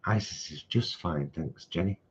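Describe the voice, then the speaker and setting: A man's voice: low-pitched, moderate pace, dull audio, slight background noise. A man co-hosting a live stream, chatting casually with teasing, dry jokes.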